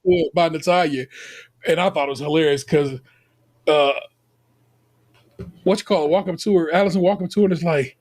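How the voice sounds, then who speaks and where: A fairly quick, higher-pitched man who pauses often co-hosts a podcast. The American recaps a baking show with playful energy and casual slang that leans Southern, such as "y'all."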